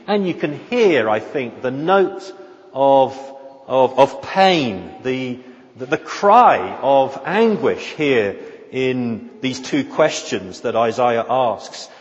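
A man preaching an expository sermon, slow and earnest, often repeating words as he searches for the next phrase. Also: mid-range voice. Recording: dull audio with long hall reverb.

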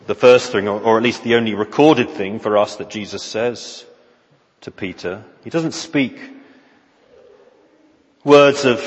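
A man preaching a sermon in an earnest, measured way, often posing rhetorical questions. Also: medium pitch. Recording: reverberant hall, dull lo-fi sound.

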